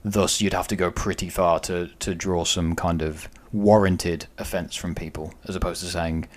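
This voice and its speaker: A man's voice: sits low, steady tone, moderate pace. A man co-hosting a podcast in casual discussion, thoughtful and weighing each side of the question. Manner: thoughtful, weighs both sides. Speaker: podcast co-host.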